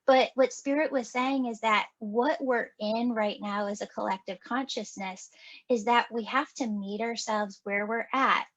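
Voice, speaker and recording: A woman's voice: on the high side, unhurried, no echo, muffled recording. A woman hosting a podcast, chatting casually and acting out quoted dialogue as she tells a story. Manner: animated, acts out quoted dialogue with laughs. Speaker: podcast host and medium.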